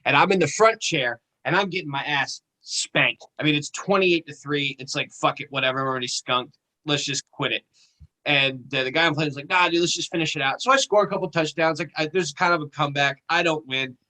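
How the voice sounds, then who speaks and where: A man on a podcast telling a profane anecdote in a casual, animated way. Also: fairly high pitch, fairly quick, poor audio. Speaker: podcast co-host. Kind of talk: casual storytelling chat.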